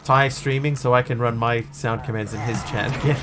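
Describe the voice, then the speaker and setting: A man's voice: medium pitch, fairly even intonation, moderate pace, heavy background noise. A man streaming a game, chatting casually and rambling as he thanks viewers. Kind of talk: casual live-stream chat while gaming.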